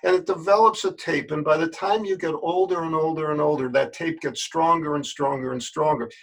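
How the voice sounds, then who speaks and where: A man's voice: on the high side, fairly even intonation, fairly quick, creaky. An older man, a yoga teacher, talking straight to his listeners in a folksy, earnest way and repeating words for emphasis. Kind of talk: spoken address to camera.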